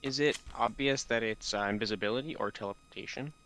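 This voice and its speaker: A man's voice: on the low side, quick pace, fairly bright tone. A man playing in a tabletop game, chatting in a laid-back, joking way. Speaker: player. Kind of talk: casual chat at a game table.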